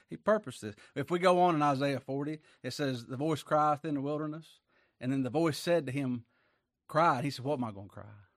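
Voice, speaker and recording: A man preaches a sermon, reading scripture aloud. His voice sits a little high and swings between emphatic peaks and quiet asides. The sound is dry, close and clean. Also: dry recording.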